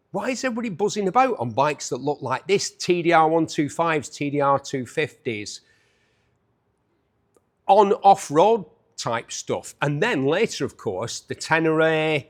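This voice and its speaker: A man's voice: a little high, fairly bright tone. A man in his fifties hosting a chatty, jokey walkaround preview of bikes up for auction. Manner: chatty, enthusiastic, jokey asides.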